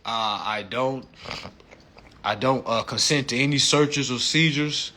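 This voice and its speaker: A man hosting a casual livestream chat, animated and profane, laughing often and peppering his talk with slang. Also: medium pitch, unhurried. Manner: slangy, repeats "you know what I'm saying". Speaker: livestream host.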